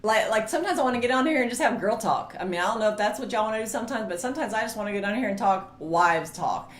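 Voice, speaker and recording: A middle-aged woman, chatting casually as co-host of a marriage ministry video and telling stories with lively quoted voices. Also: a little high, racing. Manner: chatty storyteller, animated quoting voices. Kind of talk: casual chat. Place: home studio room. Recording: roomy echo, faint hiss.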